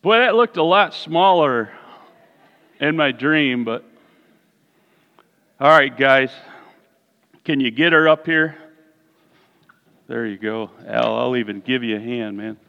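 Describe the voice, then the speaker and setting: A man's voice: medium pitch, slow, gravelly, long pauses, smooth. A man preaching a sermon to his congregation, telling a playful story and asking the crowd questions. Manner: playful, animated, talks to the congregation. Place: church sanctuary. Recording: distant hall echo, dull sound.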